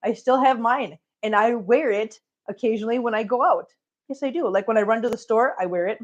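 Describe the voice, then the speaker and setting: A woman's voice: fairly high pitch, fairly quick, lo-fi sound. A middle-aged woman chatting casually on a home livestream, greeting viewers by name as she talks. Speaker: cat channel host.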